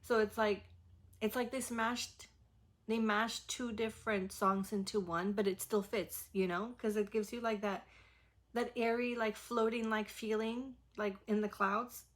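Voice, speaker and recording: A woman's voice: on the high side, fairly even intonation, unhurried. Gushing woman reacting to a song. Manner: gushing, rambling, heavy use of "like". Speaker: music reaction creator. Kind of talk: casual music reaction commentary. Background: faint song playing.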